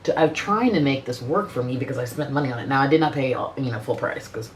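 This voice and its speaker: A woman's voice: a bass voice, fast talker, a little hiss or hum. A middle-aged woman chatting casually as a beauty vlogger, blunt and profane, rambling with frequent restarts. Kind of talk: casual makeup review chat.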